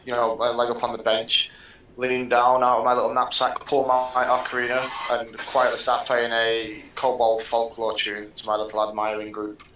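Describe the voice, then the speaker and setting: Flat-voiced man, far from the mic. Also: medium pitch, normal speed, a little hiss or hum. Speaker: player voicing Durzo, a kobold rogue. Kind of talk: tabletop role-play. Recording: distant from the mic in an echoey room with faint ambience.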